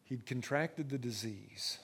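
A man preaching a sermon, swinging from hushed, intimate moments to rising excitement, often repeating and restarting phrases. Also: mid-range voice, takes it slowly, gravelly, husky. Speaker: pastor.

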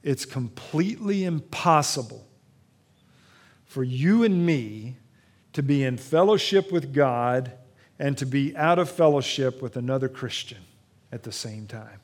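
A man preaching a sermon in a church, retelling a Bible story with dramatic swings between loud emphasis and hushed tenderness. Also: medium pitch, animated, unhurried. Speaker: pastor.

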